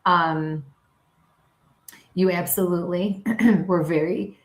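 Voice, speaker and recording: A woman's voice: fairly low pitch, slow pace. A woman from Western New York with a local accent, co-hosting a casual livestream chat and telling stories with lots of laughter. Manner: animated storyteller, laughs often, acts out voices. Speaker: co-host. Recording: echoey room.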